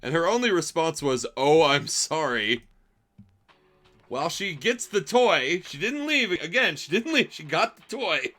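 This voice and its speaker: Bright-voiced man swearing through a story. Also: high voice, very animated, normal speed, few pauses, faint music behind. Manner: profane, rambling, exasperated. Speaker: streamer telling stories. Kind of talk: casual storytelling.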